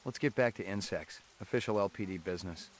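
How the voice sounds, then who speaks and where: An actor playing a terse, wary male detective in a video game, asking clipped, flat questions. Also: sits low, fast, a little hiss or hum, close to an everyday voice. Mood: dry.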